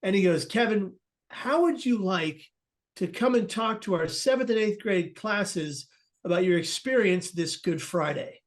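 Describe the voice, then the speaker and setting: A man's voice: high voice, expressive, measured pace. A man, a guest on an interview podcast, earnestly tells a personal story and acts out the people he quotes, often restarting his sentences.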